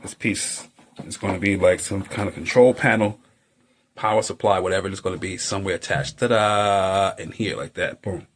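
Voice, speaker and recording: Lowish-voiced man rambling through a workshop vlog. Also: moderate pace, slight background noise. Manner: rambling, many fillers, playful sound effects like "ta-da". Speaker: artist and model builder. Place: home workshop.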